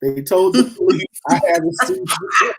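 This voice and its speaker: A woman hosts a relaxed panel chat in a somewhat low, husky voice. Her pitch swings widely and expressively. She reads posts aloud and breaks into laughter as she goes. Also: normal speed. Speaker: host.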